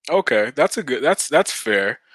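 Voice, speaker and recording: Calm, slow-talking man caller. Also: medium pitch, dry recording. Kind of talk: call-in debate.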